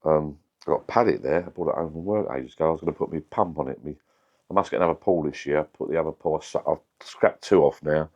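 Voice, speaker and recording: A middle-aged man with a deep voice, chatting casually and rambling to camera in his home vlog. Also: fast talker, darkish tone, highs cut off. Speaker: vlogger.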